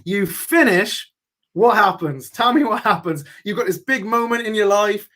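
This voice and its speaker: A man's voice: high-pitched, expressive, normal speed, bright, forceful tone. A man hosting a casual talk show, chatty and swearing, often laughing as he talks. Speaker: host. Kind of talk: casual chat.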